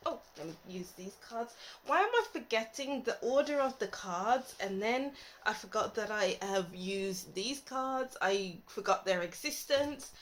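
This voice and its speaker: A woman's voice: medium pitch, lively intonation, a little slow, slight background noise, low-quality recording. Musing woman reading tarot cards. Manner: thinking aloud, musing, trailing off mid-thought. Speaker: tarot reader. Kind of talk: casual tarot reading to camera.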